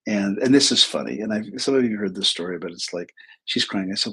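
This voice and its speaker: Middle-aged male host, husky, low, loose anecdotal livestream chatter. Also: expressive, quick pace, sharp tone, poor audio. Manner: rambling, anecdotal, many restarts and asides. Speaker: host, psychic and intuitive teacher. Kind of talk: casual livestream talk.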